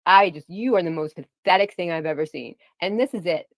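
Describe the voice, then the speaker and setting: A woman's voice: fairly low pitch, a little fast, dry recording. A middle-aged woman vlogger ranting angrily to her viewers, heated and profane, repeating herself as she defends her family. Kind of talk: angry rant to camera.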